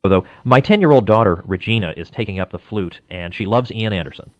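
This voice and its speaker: A fairly low-voiced man talks quickly through his interview questions, leading in with little personal stories. The audio is dull and dry. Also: expressive, dry recording. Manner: chatty, personal anecdotes before questions. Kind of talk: radio-style interview questions.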